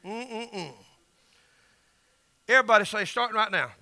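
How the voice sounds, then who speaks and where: Folksy Southern preacher man, bright voice. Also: sits high, a little slow. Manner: emphatic, folksy storytelling preacher. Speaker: pastor. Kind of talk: sermon.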